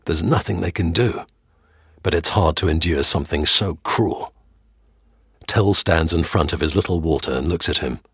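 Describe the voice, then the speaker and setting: A man narrating a dramatic audio storybook with expressive storytelling. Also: sits low, normal speed, husky, no room sound, studio quality.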